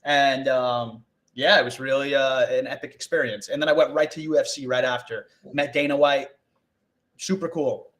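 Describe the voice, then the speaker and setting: A young man telling a rambling story as a guest on a live video call, animated and full of swearing and acted-out quotes. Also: medium pitch, moderate pace. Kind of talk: casual storytelling on a live stream.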